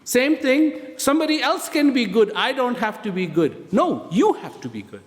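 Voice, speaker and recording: Man, high voice, lively pitch, motivational talk, rhetorical questions, long reverberant hall. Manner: slow, deliberate, asks many rhetorical questions. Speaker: speaker addressing prison inmates. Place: prison hall.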